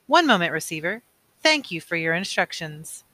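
A man's voice: sits high, big pitch swings, normal speed, pushed and bright, heavily acted. A man reading aloud, putting on a formal, courteous voice answering over a wall intercom. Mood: polite. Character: polite intercom voice, formal and attentive.

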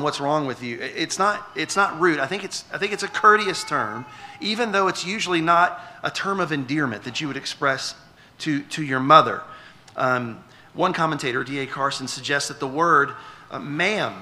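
Man, middle-aged pastor, high-ish and very bright voice, talks the congregation through a passage. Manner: conversational, repeats words when restarting; asks the congregation questions. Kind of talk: sermon.

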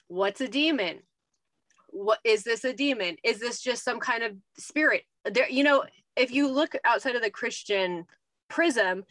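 A woman's voice: medium pitch, a bit bright, no room sound. Rambling woman podcast co-host. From United States. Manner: rambling, thinks aloud with many fillers. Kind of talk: casual chat.

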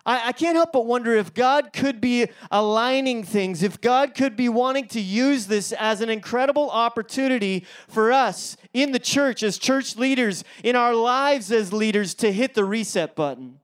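A man's voice: extremely high pitch, normal speed, hardly any pauses, clear, resonant tone. A male pastor preaching a sermon, telling a story in a chatty way with fillers and restarts.

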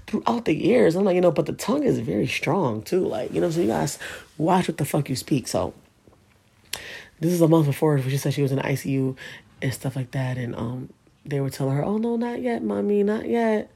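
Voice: medium pitch, fairly quick, vocal fry, warm tone, slightly rough. A speaker telling a painful personal story in a casual, candid way, swearing often and speaking with emotion.

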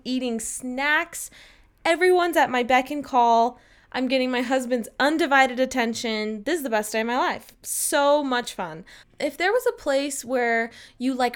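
A woman's voice: fairly high pitch, smooth. A young woman in her twenties telling a personal story to camera in a chatty, upbeat way. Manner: chatty and upbeat, with animated quotes. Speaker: vlogger.

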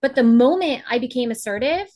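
A woman's voice: sits high, expressive, fairly quick, darkish tone. A woman advocate speaking as a guest on a podcast, talking with passion and emphasis, often acting out what others said. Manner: impassioned, emphatic, acts out quotes. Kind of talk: podcast interview.

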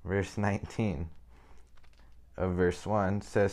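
Deep-voiced man giving casual Bible teaching. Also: normal speed. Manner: casual, rambling, says okay often.

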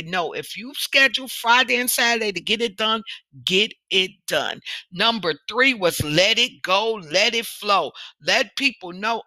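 A woman hosting a motivational podcast as a coach, talking in a sassy, animated, preachy way and calling out to the listener. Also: medium pitch, a little slow, no echo.

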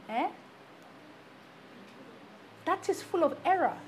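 A woman's voice: high voice, very animated, a little slow, long pauses, slight background noise. A woman preaching a sermon to her congregation, speaking emphatically and repeating her rhetorical questions to drive each point home.

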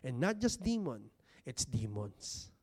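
Speaking at medium pitch with large swings in intonation, a man delivers a sermon to a seated congregation in a church hall. He chats with them, asks rhetorical questions, and gives weight to key words through slow, drawn-out delivery.

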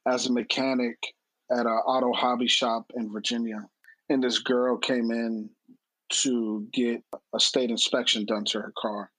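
A man's voice: mid-range voice, fairly bright tone, no echo, poor audio. A man in his late thirties, a podcast guest telling personal stories candidly, earnest and blunt, often repeating words for emphasis. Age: late 30s.

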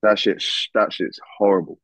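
A man's voice: on the low side, normal speed, gravelly, no room sound. A man, a guest musician, chatting casually and loosely, with plenty of slang and swearing. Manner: lively, swears freely, lots of slang. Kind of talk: casual interview chat. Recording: dull, dry recording.

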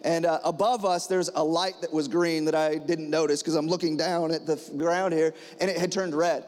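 A man preaching a sermon, telling a personal story in a lively, animated way and acting out the dialogue with lots of fillers. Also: fairly high pitch, fairly quick, few pauses. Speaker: pastor. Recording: hall reverb.

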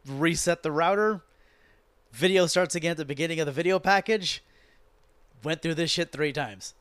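A podcast host with a somewhat high voice rants about what he watched, swearing freely and piling on sarcasm. He talks in a loose, animated way, close to the mic. The sound is dry, with no room echo. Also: normal speed, smooth. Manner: animated, profane, sarcastic ranting. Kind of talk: casual ranting wrestling commentary.

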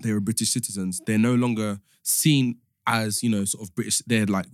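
A man's voice: on the low side, fairly even intonation, brisk, no room sound, clean studio sound. A young man in a casual discussion, explaining his points step by step with lots of filler words.

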